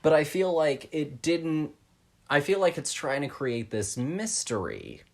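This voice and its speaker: A man's voice: a little high, big pitch swings, a little slow, darkish tone. A man co-hosting a podcast, talking through a film in a casual, thoughtful way, hedging and restarting his sentences often. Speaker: podcast co-host.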